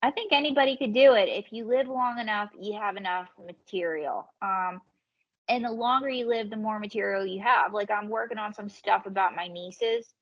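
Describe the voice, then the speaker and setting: A woman comedian and ventriloquist telling lively, swearing anecdotes as a podcast guest. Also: mid-range voice, muffled recording. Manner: animated storyteller, swearing, quick quoted voices. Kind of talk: casual podcast storytelling.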